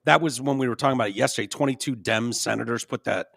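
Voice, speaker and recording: A man hosting a podcast in casual chat, halting with fillers and frequent throat-clearing. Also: medium pitch, fairly bright tone, no room sound, clean studio sound. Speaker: podcast host.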